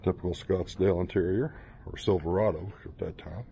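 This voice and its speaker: A man's voice: sits low, steady tone, a little fast, vocal fry, mellow, slight background noise. A man in his fifties giving a playful, joking walkthrough of a museum as a vlogger, talking casually as he goes. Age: 50s. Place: indoor museum hall.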